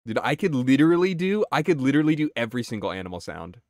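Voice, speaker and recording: Excitable young man streaming, lively pitch. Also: fast, no room sound, clean studio sound. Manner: excitable, swears, reads chat aloud. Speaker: game streamer. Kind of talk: casual live-stream chat.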